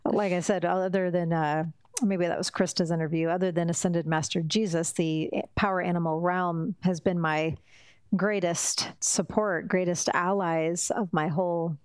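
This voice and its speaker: A woman's voice: on the low side, fairly even intonation, normal speed, smooth, no echo. A woman hosting a casual interview, talking in an effusive, emphatic, spiritual way. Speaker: podcast host. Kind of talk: casual heartfelt interview chat.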